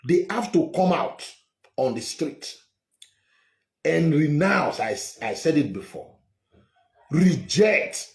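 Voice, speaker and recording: A man's voice: on the high side, echoey room. A man hosting a heated political monologue online, scolding and mocking with many repetitions. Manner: animated, scolding, mocking, repeats himself.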